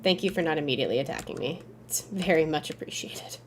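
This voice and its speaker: A woman's voice: low voice, expressive, fast, slight background noise. A woman streamer chatting casually with her viewers while playing a game, rambling and hedging as she talks. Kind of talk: casual gameplay commentary.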